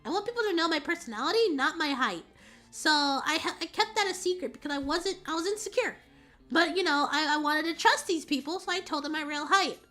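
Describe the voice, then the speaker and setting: A woman streamer chatting casually and telling a story in an animated, rambling way. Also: high voice, fairly quick, faint music behind. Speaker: VTuber streamer.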